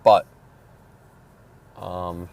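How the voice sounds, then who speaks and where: A man's voice: low-pitched, flat delivery, drawn-out words, vocal fry, a little mellow. A young man rambling casually and profanely while driving, griping with mumbled, exasperated energy. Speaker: vlogger. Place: in a car, driving. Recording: faint road noise in a car. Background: vehicle noise.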